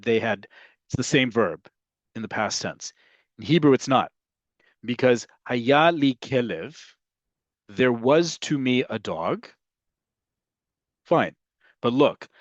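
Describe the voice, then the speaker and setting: A man gives a slide-based language lesson, checking in over and over with "right?" and "okay?". He stresses key words by jumping in pitch and volume. The recording is dull and lo-fi, with a dry, close sound. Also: no room sound. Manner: stresses words with sudden jumps in pitch and loudness. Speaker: Hebrew teacher. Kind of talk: slide lecture.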